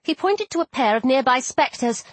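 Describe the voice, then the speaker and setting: A woman narrating a first-person audiobook in an expressive storytelling voice. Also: high voice, moderate pace, no echo.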